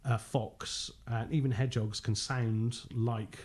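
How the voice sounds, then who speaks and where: This medium-pitched man, a ghost hunter, spins animated tales on a laid-back podcast at a measured pace. He laughs frequently and acts out the quotes as he goes.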